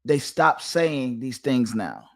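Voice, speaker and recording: Speaking straight to his viewers, this channel host, an adult father of two, gives dating commentary in a lecturing monologue that's emphatic and repetitive, looping back over his points. His medium-pitched voice is gravelly and very animated, though his pace is slow.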